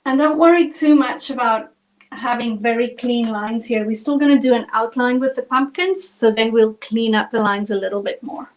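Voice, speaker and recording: A woman's voice: a little high, normal speed, poor audio. A woman from South Africa with a South African accent, chatting through a live acrylic painting tutorial step by step. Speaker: painting instructor.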